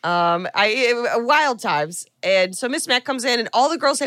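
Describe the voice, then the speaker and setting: A woman co-hosting a podcast, chatting casually through a movie recap and slipping into quick quoted lines along the way. Her voice sits a little high. The sound is dry and close, with no room echo. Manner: animated storytelling with quick acted-out quotes. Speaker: podcast co-host.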